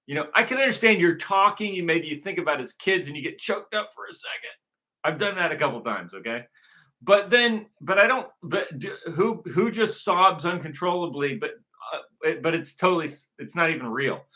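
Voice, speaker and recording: A man's voice: fairly high pitch, lively intonation, brisk, sharp tone. A man hosting his own show, delivering a repetitive, emphatic ranting monologue with frequent profanity. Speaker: show host.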